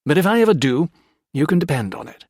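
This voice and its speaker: A man's voice: fairly high pitch, big pitch swings, fast, a little mellow, no echo, studio quality, pitched above the performer's own voice. A man doing an earnest young British officer. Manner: earnest, urgent.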